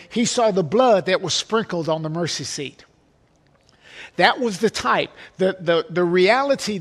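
A man with a high-pitched voice preaching verse by verse. He talks earnestly and with emphasis, quoting scripture and pressing each point with repeated phrases. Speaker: pastor. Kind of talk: verse-by-verse sermon.

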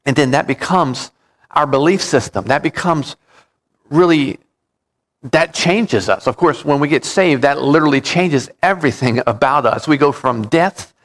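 A pastor delivering an earnest, measured sermon, often repeating and restarting his words. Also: a little high, fairly bright tone.

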